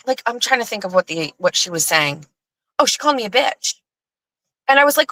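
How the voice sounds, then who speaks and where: Woman host, lively bright voice, swearing storytime rant, close dry mic. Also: high voice, normal speed, long pauses, no room sound, rough recording. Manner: profane, animated, exasperated. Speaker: show host. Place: outdoors, on her pool deck.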